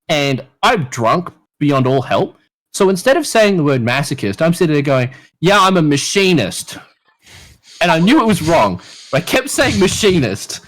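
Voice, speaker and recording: A man with an Australian accent, a podcast guest telling a crude story in a casual, lively way and swearing often. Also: fairly high pitch.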